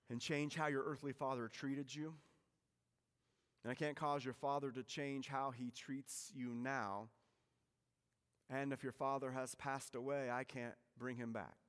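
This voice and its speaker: A man preaching a sermon, telling the story with lively energy and dropping to a hushed voice at times. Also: mid-range voice, clean tone. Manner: animated storytelling preacher, swings from loud to hushed. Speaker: pastor. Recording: reverberant hall.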